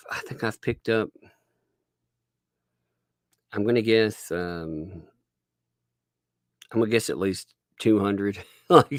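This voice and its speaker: A man's voice: lowish voice, dry recording, clean studio sound. A man hosting a casual livestream, rambling and laughing as he thanks viewers and reads chat. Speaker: livestream host.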